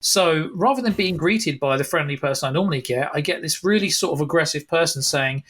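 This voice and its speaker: Animated storytelling man, higher voice. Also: brisk. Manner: animated anecdote with restarts. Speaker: author and guest. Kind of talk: storytelling in a podcast interview.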